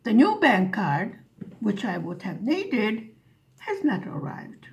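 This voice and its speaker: A woman's voice: mid-range voice, big pitch swings, slow, dull audio. A woman vlogger telling a story in a dry, sarcastic way as she chats over her craft. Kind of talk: casual storytelling while diamond painting.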